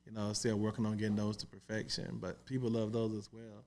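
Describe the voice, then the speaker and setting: A man who runs a barbecue restaurant, chatting casually on a podcast in a relaxed way that trails off with little fillers. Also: on the low side, fairly quick. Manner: easygoing, trailing off with "you know". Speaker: pitmaster and restaurant owner.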